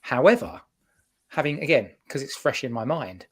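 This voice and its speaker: Podcast cohost, man, mid-pitch, meanders and self-corrects. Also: lively intonation, moderate pace, fairly bright tone, husky. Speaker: podcast co-host. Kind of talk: casual football chat.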